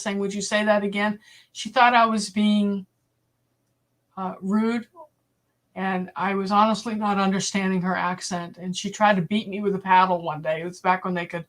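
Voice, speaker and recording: A woman in her sixties with a Boston accent, casually telling blunt stories to a live chat as host and acting out the voices she quotes. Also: medium pitch. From Boston area. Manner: blunt, animated storyteller, acts out quoted voices. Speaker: livestream host.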